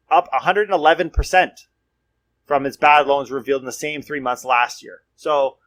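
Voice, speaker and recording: A young man hosts a casual market podcast and talks straight to his listeners. His voice sits a little high, and he drives points home by repeating them. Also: fairly bright tone. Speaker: real estate podcast host.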